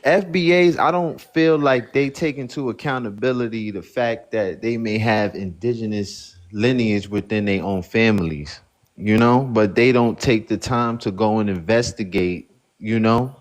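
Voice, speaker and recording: A man's voice: on the low side, a little slow. A man from Brooklyn with a Brooklyn accent, calling in to a radio show and talking loosely with many fillers. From Brooklyn, New York. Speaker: caller. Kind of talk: casual phone-in chat.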